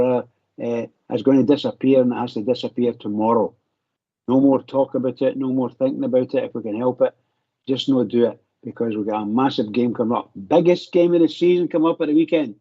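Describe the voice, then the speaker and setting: A man's voice: mid-range voice, no room sound. A Scottish man guesting on a football phone-in radio show, rambling through his thanks and rallying the fans. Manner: rambling, rallying, good-humoured. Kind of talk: casual football phone-in chat. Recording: dry, dull lo-fi audio.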